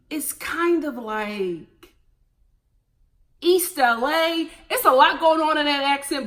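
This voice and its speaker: A woman recapping a reality show in a casual, gossipy, animated way, laughing often and using slang. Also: fairly high pitch.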